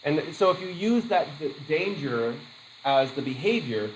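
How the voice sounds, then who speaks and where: A man's voice: fairly high pitch, expressive, moderate pace, slight background noise, poor audio. A male teacher giving a casual classroom lecture, acting out quoted voices and laughing easily.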